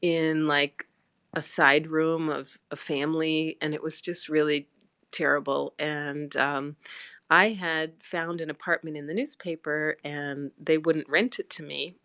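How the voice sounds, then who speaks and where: A middle-aged woman with a low, deep voice, recorded dry and close on a phone. She spins a long, meandering personal story, leaning on fillers and acting out bits of dialogue. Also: steady tone, measured pace, sharp tone, smooth, no echo. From United States. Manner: chatty and rambling, with many fillers and acted-out quotes. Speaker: livestream host. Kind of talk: casual storytelling on a livestream.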